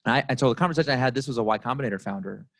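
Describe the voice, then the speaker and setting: A man's voice: medium pitch, racing, dry recording, studio quality. A man giving a casual storytelling talk to a live audience as a guest speaker, chatty and full of "like" and "you know". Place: company office event space.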